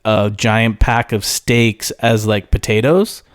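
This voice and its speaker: A man's voice: lowish voice, slow, clear, resonant tone, no echo. Blunt man with a dry, close sound. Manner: blunt, profane, offhand. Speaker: podcast co-host. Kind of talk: casual chat.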